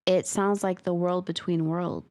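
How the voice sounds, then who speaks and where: A woman's voice: on the low side, fairly even intonation, darkish tone. A woman co-hosting a podcast, chatting casually and laughing often while talking about a story. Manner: unhurried, drawn out, laughs often. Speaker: podcast co-host.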